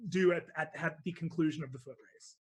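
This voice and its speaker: Man, dungeon master, animated excitable narration, many fillers, tabletop game. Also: a little high, fairly quick, slightly rough.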